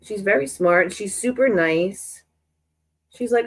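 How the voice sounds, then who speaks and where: A woman's voice: mid-range voice, slow pace, breathy edge, poor audio. A woman hosting a sewing live stream, chatting in a rambling way with many restarts while she works, stuffy from a lingering cold. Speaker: sewing channel host.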